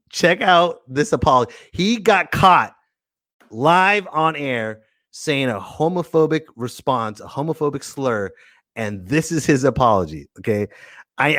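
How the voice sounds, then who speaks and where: An excitable man hosting a casual live-stream podcast, playful and full of jokey asides. His voice swings up and down a lot, and the sound is dry and close. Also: mid-range voice, dry recording. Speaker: podcast host.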